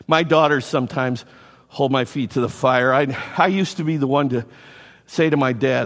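A middle-aged male pastor preaching a sermon in an animated way, repeating words and adding quick asides. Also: mid-range voice, big-room sound.

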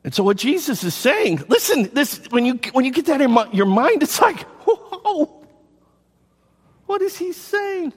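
A middle-aged male pastor preaching a sermon in an animated way, repeating words and adding quick asides. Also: very high-pitched, slightly rough, in a large hall.

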